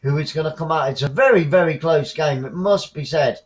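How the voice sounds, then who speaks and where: Speaking in a Southern English accent, this south-coast man chats through a football match live as a fan, yelling at every goal. His pitch is fairly high, he talks briskly, and the sound is lo-fi.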